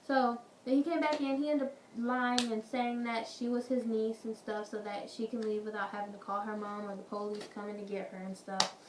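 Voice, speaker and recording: A woman vlogger telling a story in an animated, slangy way, acting out the quotes. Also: a little high, brisk, background noise. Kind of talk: storytime vlog. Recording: roomy echo, distant from mic.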